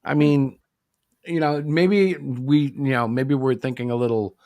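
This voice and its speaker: Animated, opinionated man chatting. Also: mid-range voice, measured pace, no echo, clean studio sound. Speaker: indie comic creator co-hosting a livestream. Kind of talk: casual chat.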